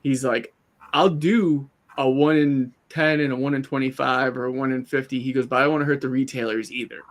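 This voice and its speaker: Animated man telling stories in casual chat. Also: mid-range voice, a little fast. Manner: animated storyteller, quotes people in put-on asides. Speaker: co-host.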